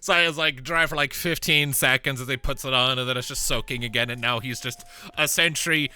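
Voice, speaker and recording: A man narrating a tabletop game as game master, chatty and quick to laugh, with faint music underneath. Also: mid-range voice, steady tone, pushed and bright, clear, resonant tone. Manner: laughs often, loose and chatty.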